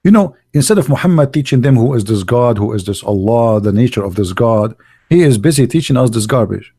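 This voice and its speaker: A man talking in a casual, sarcastic monologue, full of halting fillers and mockery. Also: mid-range voice, animated, warm tone, slightly rough, dry recording, studio quality. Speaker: online religious debater.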